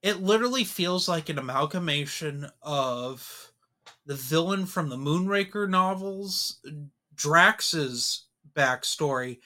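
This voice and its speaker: Guy on a film podcast, bright voice, pretty opinionated, gets animated about the movie. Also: on the high side. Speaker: podcast co-host. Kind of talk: casual film discussion.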